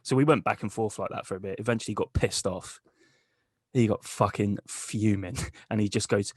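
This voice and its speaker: A man co-hosting a comedy podcast, telling a crude, deadpan tall tale. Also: on the low side, a little fast, breathy edge, no echo, clean studio sound. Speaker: podcast co-host. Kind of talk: comic storytelling.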